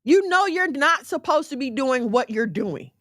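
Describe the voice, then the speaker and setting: A woman giving a conversational sermon in a direct, animated way, mixing scripture with everyday slang. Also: high voice, normal speed, no room sound, clean studio sound. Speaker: faith teacher.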